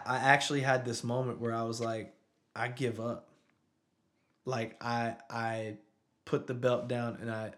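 A man's voice: medium pitch, a bit bright. Man telling a story in casual conversation. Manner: conversational, repeats "you know what I'm saying". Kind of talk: casual chat.

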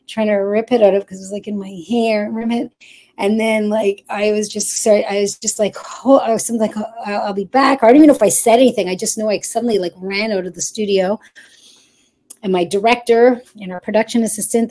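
A chatty woman in her thirties telling stories as a guest on an interview show. She talks at a middling pitch, laughs easily and often backtracks to fix a detail. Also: darkish tone. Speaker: children's TV performer, guest. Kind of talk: casual interview storytelling.

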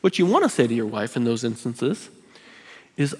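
Husky preacher man in a reverberant hall. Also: medium pitch, sing-song, moderate pace. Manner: emphatic preaching with repeated phrases and joking asides. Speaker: pastor. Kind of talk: sermon.

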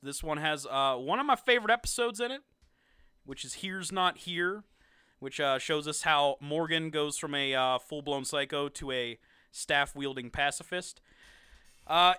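A young man co-hosting a podcast, reviewing a ranked list of TV seasons in a sarcastic, animated way with frequent laughs. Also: on the high side, smooth, no room sound, clean studio sound. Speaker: podcast co-host. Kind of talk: casual ranking review chat.

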